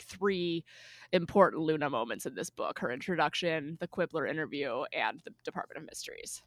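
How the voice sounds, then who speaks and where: A woman's voice: deep voice, no room sound, studio quality. A woman co-hosting a podcast in casual chat, talking loosely and laughing often. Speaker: podcast co-host.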